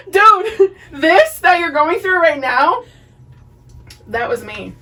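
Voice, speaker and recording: A woman's voice: very high voice, drawn-out words. A woman with a Boston accent co-hosting a podcast, casually recapping a TV series, swearing freely and acting out the characters' lines. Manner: profane, animated, acts out characters' lines. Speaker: podcast co-host. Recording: distant mic, poor audio.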